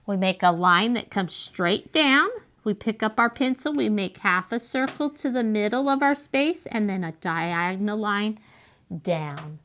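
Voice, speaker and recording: Speaking at a measured pace in a mid-range, fairly bright voice, she works slowly through sentence writing with young children, though the highs are cut off. She patiently sounds out letters and words and praises the kids often.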